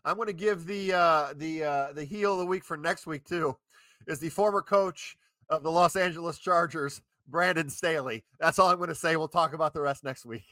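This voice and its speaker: A man co-hosting a sports podcast, pushing back in lively banter. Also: a little high, normal speed, no room sound. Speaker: podcast co-host.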